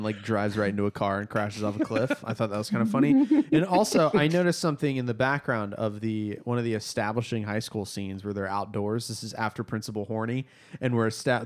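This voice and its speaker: A young man hosting a movie podcast, chatting casually in an animated, rambling way. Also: fairly low pitch. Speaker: podcast host. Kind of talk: casual chat.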